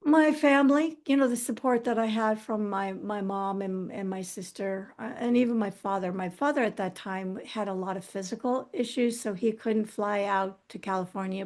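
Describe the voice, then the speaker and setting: A middle-aged woman as an interview guest, talking candidly and reflectively about her past, often restarting her sentences. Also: mid-range voice. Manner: earnest, reflective, halting with restarts. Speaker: guest author.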